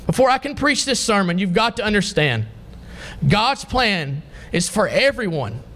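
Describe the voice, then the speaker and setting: A man with a high-pitched voice preaches a sermon. He reads scripture aloud and keeps asking the congregation questions. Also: big pitch swings, moderate pace, a bit bright.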